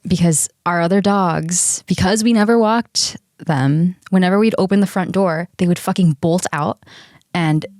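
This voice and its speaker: A woman's voice: lowish voice, normal speed, a little mellow, no echo, clean studio sound. A woman in her thirties co-hosting a podcast, telling personal stories in a chatty way, laughing often and swearing casually. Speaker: podcast co-host. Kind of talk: casual storytelling chat.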